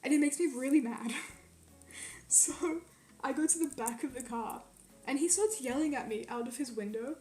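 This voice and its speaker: A young woman from Quebec telling a story in a casual, animated way, swearing often and filling it with "like". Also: sits high, normal speed, echoey room. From Quebec, Canada. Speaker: streamer. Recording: faint music behind.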